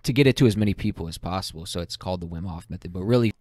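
A man's voice: sits low, rapid-fire, darkish tone, no room sound, studio quality. A young man, a podcast guest, explaining a topic earnestly in a rambling, casual way with many "you know"s. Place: podcast studio.

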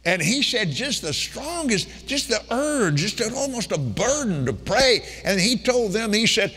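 A man's voice: sits high, sing-song, measured pace, hardly any pauses, sharp tone, breathy edge. An older man preaching a sermon, retelling a healing testimony in emphatic quoted speech. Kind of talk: sermon storytelling. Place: large meeting hall. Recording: long reverb of a large hall.

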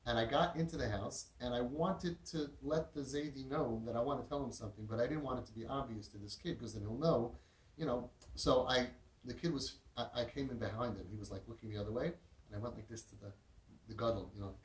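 A man's voice: mid-range voice, brisk. A man telling a heartfelt story with emphasis, repeating words and using Yiddish and Hebrew terms. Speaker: parenting speaker. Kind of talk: storytelling talk. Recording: roomy echo, distant mic, faint noise.

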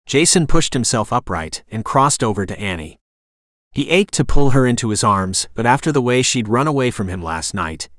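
A man's voice: fairly low pitch, a bit bright, no echo. Man narrating an audiobook, dry and close. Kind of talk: scripted narration.

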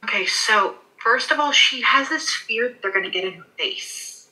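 A woman working as a pet psychic in a session, soothing and reassuring, often halting with fillers. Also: a little high, expressive, pushed and bright, rough recording. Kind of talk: animal communication session.

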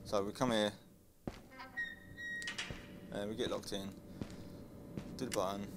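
A young man playing a horror game, muttering and swearing in panic and yelling when frightened. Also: fairly low pitch, fairly even intonation, slow pace, heavy background noise. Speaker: gaming YouTuber.

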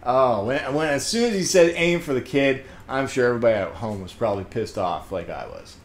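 A man giving a casual, rambling spoken review, excitable and laughing often, with many fillers. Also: medium pitch, brisk, roomy sound, a little hiss or hum. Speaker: comedian reviewing a TV episode.

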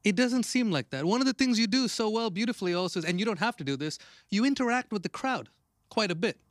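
A man's voice: high voice, lively intonation, fast talker, dry recording, clean studio sound. A man interviewing a tennis player, asking his questions in an upbeat, complimentary way. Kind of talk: sports interview.

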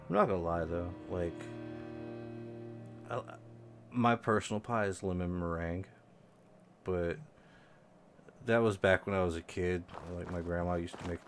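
Young guy doing slow laid-back game commentary, mumbles to himself then goes off in big high rants. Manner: mutters low, then bursts into loud, high, exasperated rants. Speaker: game video host. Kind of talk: casual gameplay commentary.

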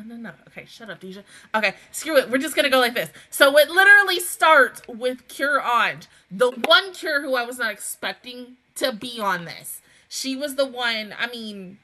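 Hosting an anime reaction and review, a woman with a slightly high voice chats animatedly and loosely, often correcting herself and swearing in a casual way.

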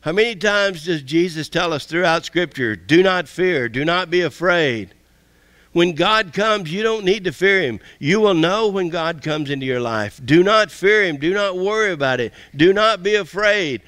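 A pastor giving a sermon, reading verses aloud and explaining them in plain, earnest words. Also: male voice, lively intonation, normal speed, a bit bright, no room sound. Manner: plain-spoken, rising in pitch as he preaches, with restarts.

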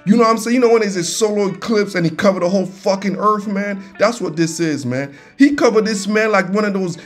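Male film-room host, fairly high voice, hyped and profane, casual street slang, light guitar music behind. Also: fairly quick. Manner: excitable, slangy, profane, keeps saying man and dog. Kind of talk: excited casual film breakdown commentary.

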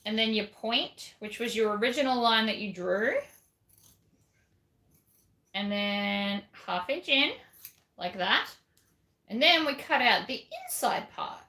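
A woman's voice: on the high side, lively intonation, slow, long pauses, sharp tone, reverberant. A woman giving a chatty, self-deprecating craft tutorial while she works.

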